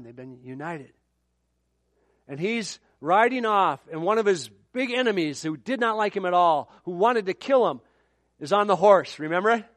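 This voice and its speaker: A man from Minnesota preaching a sermon as the pastor, telling stories with animated, repeating delivery. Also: sits high, dry recording. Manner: animated storytelling with repeated words and acted-out quotes.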